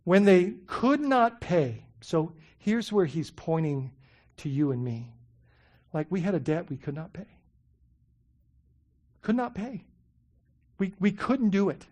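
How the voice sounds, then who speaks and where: A pastor preaching a sermon in an animated, conversational way, asking the listeners many questions and often saying "you know" and "right?". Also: mid-range voice, takes it slowly, pauses often.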